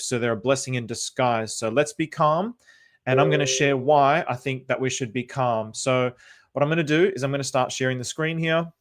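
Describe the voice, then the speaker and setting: Upbeat Australian man streaming live. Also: mid-range voice. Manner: upbeat and chatty, often repeats phrases; greets viewers by name and reads chat. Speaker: livestream host. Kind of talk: casual livestream commentary.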